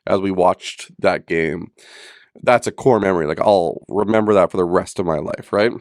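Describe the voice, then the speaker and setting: Guy cohosting a podcast, kinda low voice, teasing and laughing a lot, dry sound. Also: moderate pace, dry recording. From Manitoba, Canada. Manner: joking, teasing, laughs often. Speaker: podcast co-host. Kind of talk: casual chat.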